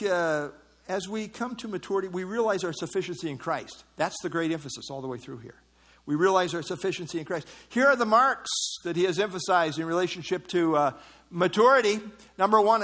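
A man's voice: high-pitched, fairly bright tone. A man preaching a sermon, teaching verse by verse with frequent "uh" fillers and mocking asides. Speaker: pastor. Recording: evening service.

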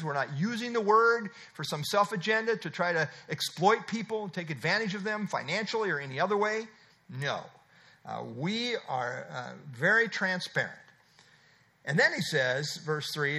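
Lively bright-voiced male preacher. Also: fairly high pitch. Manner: expository preaching with repeated emphatic phrases. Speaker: pastor. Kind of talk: sermon.

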